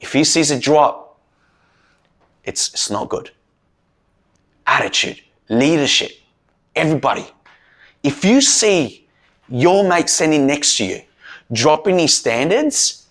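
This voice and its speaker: Man, motivational coach, husky bright voice, lively pitch, yells chants at his team. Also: a little slow, long pauses. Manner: rousing, leads loud shouted chants. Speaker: mental performance coach.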